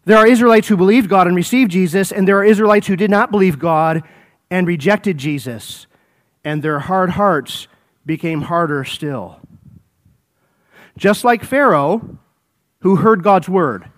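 A man's voice: high-pitched, unhurried. A man preaching an expository sermon, repeating phrases, exclaiming and calling his listeners folks.

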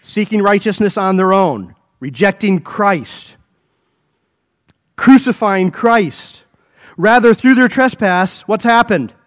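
A man's voice: sits high, takes it slowly. A man preaching an expository sermon, repeating phrases, exclaiming and calling his listeners folks.

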